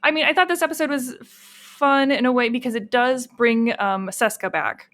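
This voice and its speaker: A woman co-hosting a casual podcast, talking in a relaxed, earnest way with small hesitations. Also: on the high side, moderate pace. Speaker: podcast co-host. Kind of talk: casual chat.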